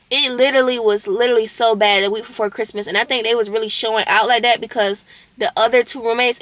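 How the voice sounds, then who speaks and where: A woman's voice: on the high side, a bit bright, no room sound. A young woman vlogger recounting a roommate conflict in a casual storytime, candid and indignant, with slang and swearing.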